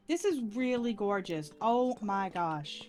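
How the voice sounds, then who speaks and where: A woman streaming a block-building game in casual chat, giggly and excitable, with squeals when she is delighted. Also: mid-range voice.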